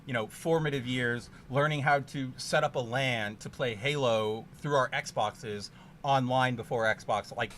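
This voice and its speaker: A man streaming a card game, ranting and swearing, with sudden loud outbursts in casual chat. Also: mid-range voice, unhurried, slight background noise.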